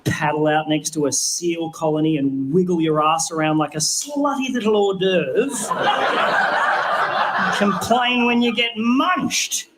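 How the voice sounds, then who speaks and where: A man with an Australian accent doing a live stand-up set, profane and animated, laughing through his jokes. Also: fairly high pitch, unhurried, noisy background. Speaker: stand-up comedian. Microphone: handheld stage microphone.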